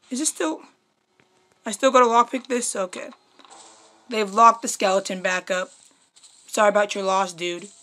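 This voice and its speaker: A woman's voice: mid-range voice, fairly bright tone. A young woman playing a horror game on video, shrieking at each scare and then muttering to herself, her voice strained from screaming. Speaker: gaming YouTuber. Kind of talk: horror game let's play commentary.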